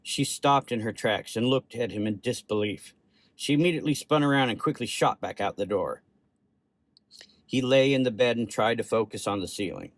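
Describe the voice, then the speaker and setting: A man narrating a horror short story in a steady, measured way. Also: mid-range voice, no room sound.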